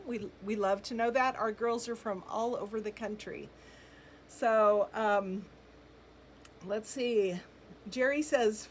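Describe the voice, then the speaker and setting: With slight background noise behind her, a middle-aged woman hosts a boutique's live shopping stream in a slightly high voice. She chats casually, calls out viewers by name, and reads their comments, often laughing and saying um.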